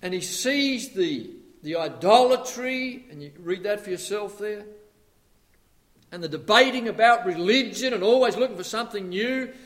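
A male pastor preaching a sermon, asking the congregation questions and swinging between loud and hushed delivery. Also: sits high.

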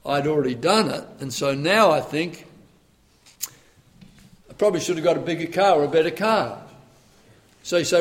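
A man's voice: on the high side, normal speed, pauses often. A middle-aged man preaching a sermon, reading scripture aloud and telling stories from his own life. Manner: earnest, quotes scripture in old English, tells personal anecdotes.

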